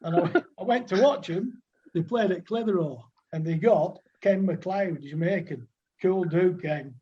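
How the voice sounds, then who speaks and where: A man in his sixties with a broad Lancashire accent tells stories in a rambling, chatty way, full of dialect words and fillers. His voice sits high and sounds husky. The recording is dull and lo-fi. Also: a little slow, dark tone. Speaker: podcast guest, former cricketer. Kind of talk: anecdotal storytelling.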